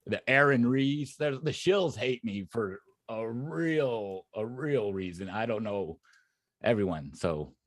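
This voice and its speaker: A man's voice: lowish voice, animated, slow, no room sound, clean studio sound. A man from rural Texas, a guest on a casual livestream, joking and rambling. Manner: jokey, rambling, self-deprecating. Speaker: stream guest.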